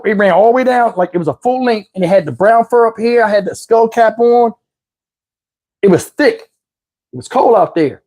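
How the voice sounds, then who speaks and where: A man's voice: high-pitched, a little mellow. A man hosting his own channel, telling a personal story in a loose, profane, streetwise conversational way. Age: adult, looking back on his youth. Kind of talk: casual storytelling to camera.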